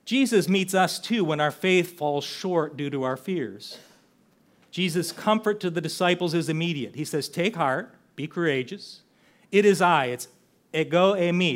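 A man's voice: fairly high pitch, unhurried. An older man preaching a sermon, earnest and conversational, often asking rhetorical questions. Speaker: pastor.

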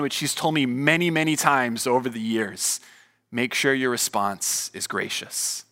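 A man's voice: medium pitch, pushed and bright. Earnest preaching man in a reverberant hall. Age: 30s. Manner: earnest, emphatic preaching with deliberate pauses. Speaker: pastor. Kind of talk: sermon.

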